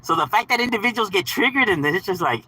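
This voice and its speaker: Bright slangy man ranting on stream. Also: sits high, lively intonation, fast talker, husky, rough recording. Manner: slangy, profane, laughs often, repeats "bro" and "homie". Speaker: live streamer. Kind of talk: casual livestream monologue answering chat.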